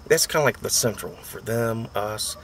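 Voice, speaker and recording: A man's voice: on the low side, lively intonation, moderate pace, a bit bright, a little hiss or hum. An American man in his thirties, chatting casually and complaining in a rambling, mocking way. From United States. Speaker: vlogger. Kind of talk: casual chat.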